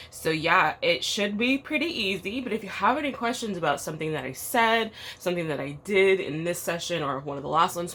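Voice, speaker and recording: Casting: woman, low voice, groggy morning vlogger, blunt and chatty, faint background hum. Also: sharp tone. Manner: blunt, chatty, rambling with fillers. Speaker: tarot vlogger. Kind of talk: casual morning vlog. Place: outdoor treehouse.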